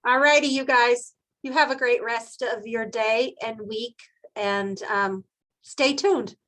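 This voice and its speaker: A woman's voice: on the high side, slow, fairly bright tone. A woman from Montana leading an online meeting, talking in a chatty, folksy way and laughing often. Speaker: meeting facilitator.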